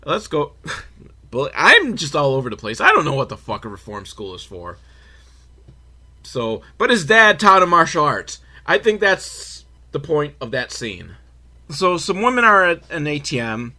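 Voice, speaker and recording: A man's voice: fairly high pitch, wildly swooping pitch, measured pace, pushed and bright. A man hosting a podcast, recapping a film in a rambling, sarcastic, foul-mouthed way. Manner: rambling, sarcastic, swears freely, makes noises for quotes. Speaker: podcast host.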